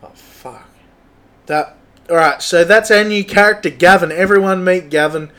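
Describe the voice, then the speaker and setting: Mumbling, swearing Australian podcast host. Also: male voice, high voice, pushed and bright. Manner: swearing, muttering, halting brainstorm. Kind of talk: casual solo podcast chat.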